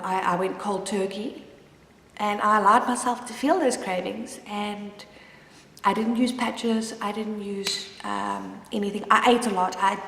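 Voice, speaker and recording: A woman's voice: mid-range voice, vocal fry. A woman speaking as a mother who tells her own story in a candid, rambling way, restarting her sentences often. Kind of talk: personal confessional vlog. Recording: roomy with long reverb.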